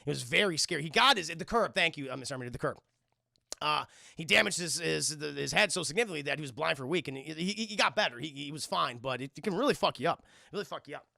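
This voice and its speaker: A man streamer recapping a film casually, profane and excitable, and constantly talking to his chat. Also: on the high side, fast, creaky, no room sound, studio quality.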